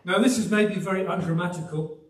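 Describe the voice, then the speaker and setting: An older English man from the West Midlands preaching a sermon, with a softened accent and a folksy, emphatic manner and little chuckles. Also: sits high, fairly quick. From Black Country, West Midlands of England. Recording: roomy, from some distance.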